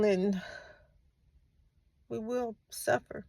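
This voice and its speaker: Tearful woman with a gravelly voice. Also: mid-range voice, steady tone, takes it slowly, pauses often, no room sound. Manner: soft, emotional, repeats phrases for comfort. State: tearful, has been crying. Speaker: grieving mother, channel host. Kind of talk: heartfelt faith-based vlog.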